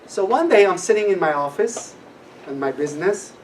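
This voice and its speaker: A man's voice: high voice, expressive, normal speed. A middle-aged man gives a personal testimony talk at a class, telling his story with animation and acting out the voices of people he quotes. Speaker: guest speaker at a class. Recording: distant mic with faint room noise.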